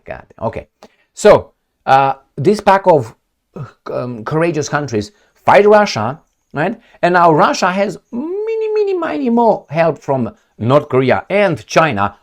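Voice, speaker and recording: Sarcastic man with a lively voice. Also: a little high, measured pace. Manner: sarcastic, crude, mocking. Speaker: news commentary host. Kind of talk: casual political commentary.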